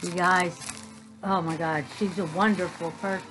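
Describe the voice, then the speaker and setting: A woman's voice: fairly low pitch, moderate pace, faint music behind, poor audio. A middle-aged woman, gushing about a gift in a casual chat to her viewers. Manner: gushing, excitable, talks straight to viewers. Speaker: crafting vlogger.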